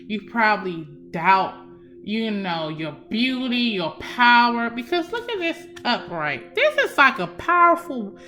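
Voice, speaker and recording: Bright-voiced woman doing a tarot reading. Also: fairly high pitch, very animated, measured pace, slight background noise. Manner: warm, emphatic, addresses viewers as y'all. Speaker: tarot reader. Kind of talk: casual psychic love reading. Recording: faint background music.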